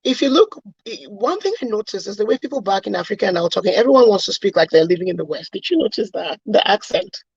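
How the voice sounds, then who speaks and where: A woman's voice: mid-range voice, expressive, fast talker, hardly any pauses, slightly rough, dry recording, dull audio. A woman from Cameroon co-hosting a casual chat, making earnest, emphatic points and building her argument with questions. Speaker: co-host.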